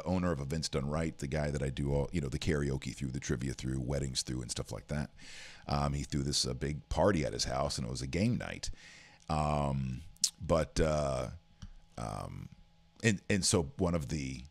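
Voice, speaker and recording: Man, very low voice, casual host monologue, rambling, lots of fillers. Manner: rambling, full of "uh" fillers, self-deprecating. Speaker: morning show host. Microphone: studio mic for a live stream.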